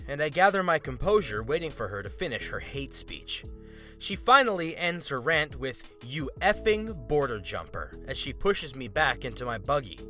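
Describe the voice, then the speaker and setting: A man narrating an online story aloud in an expressive, steady way. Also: medium pitch.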